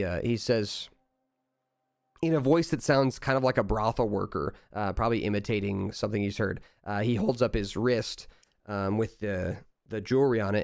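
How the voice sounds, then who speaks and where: Relaxed man narrating a tabletop game. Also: fairly low pitch, gravelly, no echo, clean studio sound. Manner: relaxed, halting, many fillers. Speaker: game master.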